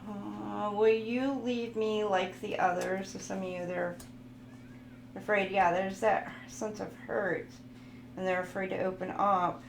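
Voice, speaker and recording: A woman with a gravelly, creaky voice gives a loose, joking tarot reading and reads card messages aloud. She sounds like she is in a roomy, echoing space, with faint noise and cards shuffling behind her. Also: mid-range voice, fairly even intonation, a little slow. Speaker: tarot reader.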